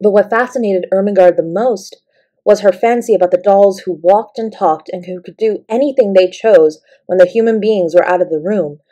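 A woman's voice: medium pitch, moderate pace, warm tone, highs cut off. Woman reading a bedtime story. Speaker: audiobook narrator.

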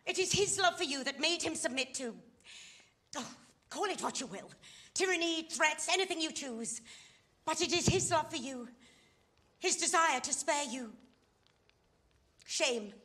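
Actress doing a fallen society woman, stage drama, impassioned pleading, bright tone, high voice. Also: lively intonation, unhurried, long pauses, heavily acted. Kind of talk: stage play scene.

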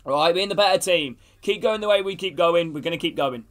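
With faint music behind him, a young man in a high-pitched, fairly bright voice talks quickly while streaming a football video game. He welcomes his chat, rallies his teammates, and curses casually as he plays.

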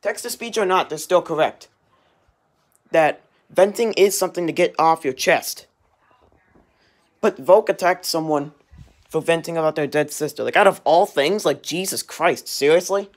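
A man's voice: on the high side, normal speed. Angry rambling young man ranting. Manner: angry, rambling, swears often. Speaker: vlogger. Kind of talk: casual rant vlog. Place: kitchen at home, in doors. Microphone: handheld camera, walking around.

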